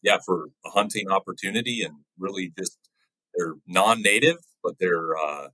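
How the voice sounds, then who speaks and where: A man with a low, husky voice answers questions as a podcast guest, explaining his work in an easygoing, conversational way. His sound is dry and close, with no room around it, and he often checks in with a quick "right?". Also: no room sound, rough recording. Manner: relaxed, often ends points with "right?". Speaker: guest, wildlife biologist. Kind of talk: casual interview chat.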